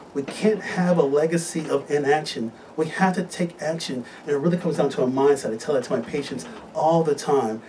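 Enthusiastic male health-show host, mid-pitched, a little distant from the mic with faint hiss. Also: a little mellow. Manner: upbeat, enthusiastic, promotional. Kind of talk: live studio talk show. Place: radio studio.

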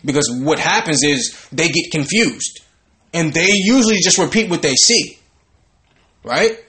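A man leading a Bible study, commenting on scripture in a casual, animated preaching manner. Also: on the high side, measured pace. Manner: animated, conversational, breaks into laughter and mock voices.

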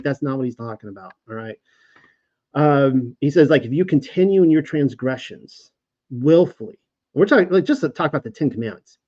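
Male host, casual scripture teaching, animated and rambling, slightly dull lo-fi sound. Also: medium pitch. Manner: casual, animated, stumbles over names and restarts. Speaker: Bible teacher and show host. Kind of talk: informal scripture study, reading and commenting.

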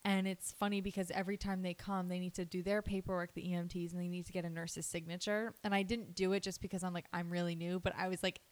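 A woman's voice: fairly low pitch, fast talker, hardly any pauses. Bubbly young woman, casual chat. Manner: bubbly, animated, laughs often. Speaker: new nurse.

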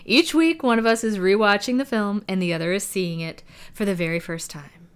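A woman's voice: medium pitch, brisk, smooth. A woman co-hosting a podcast in casual chat, asking short follow-up questions. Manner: asks short follow-up questions, with brief backchannel replies. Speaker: podcast co-host.

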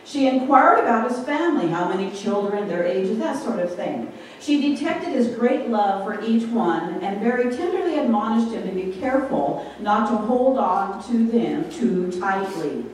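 A woman's voice: mid-range voice, lively intonation, normal speed, hardly any pauses. Woman preaching in an echoey hall. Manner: conversational, asks the congregation questions. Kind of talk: informal sermon. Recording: very echoey hall, distant mic, faint room noise.

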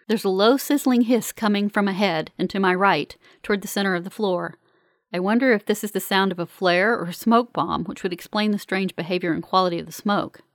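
A woman reading a first-person story aloud in a calm, measured, earnest way. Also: mid-range voice, dry recording, studio quality. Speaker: narrator. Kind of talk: first-person audiobook narration.

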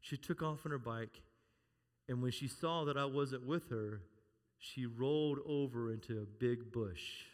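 A middle-aged man preaching a sermon, animated and playful, calling out to the congregation and telling humorous stories from home. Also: medium pitch, unhurried. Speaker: pastor. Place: church sanctuary. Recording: long reverb of a large hall.

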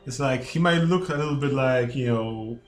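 A man's voice: mid-range voice, normal speed. A man playing in a casual tabletop game. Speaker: player. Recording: roomy, distant, faint music.

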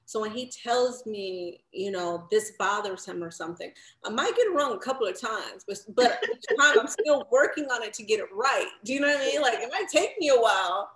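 Co-host, woman, fairly high voice, reflective and chatty, echoey room. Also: lively intonation, fairly quick, hardly any pauses, fairly bright tone. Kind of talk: casual chat.

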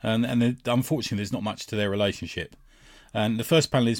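A man's voice: fairly low pitch, steady tone, quick pace, no echo, clean studio sound. A man, co-hosting a casual podcast chat, who laughs often while retelling comic scenes. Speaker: podcast co-host.

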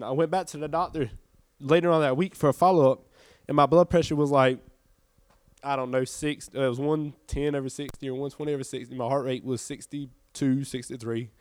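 A man's voice: medium pitch, fairly even intonation, a little fast, clear, resonant tone, no echo. Guy sharing his testimony, earnest and kinda tired, dry close mic, no room sound. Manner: earnest, emotional storytelling. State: tired, subdued. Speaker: church member giving testimony. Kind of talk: personal faith testimony.

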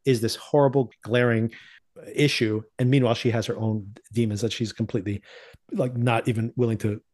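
A man with a middle-pitched voice talks through a TV season in loose, casual chat. He laughs often and slips into the characters' lines as he tells the story. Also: brisk. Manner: animated storyteller, laughs often, acts out quotes. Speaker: podcast host.

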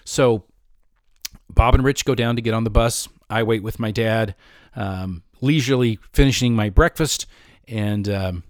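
Man telling a family story, low voice. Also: measured pace, dry recording, studio quality. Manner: relaxed conversational storytelling with fillers. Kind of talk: personal anecdote.

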